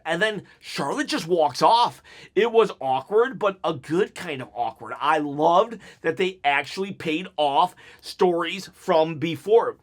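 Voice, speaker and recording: A man's voice: fairly high pitch, expressive, a little slow. Rambling, jokey man reviewing a wrestling show. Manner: rambling, jokey, goes on tangents. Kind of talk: unscripted one-take video review.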